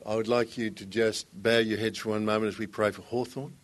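A man's voice: on the low side, little pitch movement, brisk, noisy background. A man, a guest speaker who opens a church talk with a joke and tells it in a folksy, conversational way. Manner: folksy storyteller, conversational, some restarts. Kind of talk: sermon with joke.

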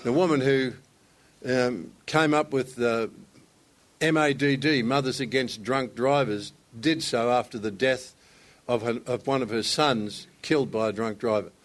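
A man's voice: medium pitch, measured pace. A man speaking to other men in a conversational sermon, telling stories with self-deprecating humor.

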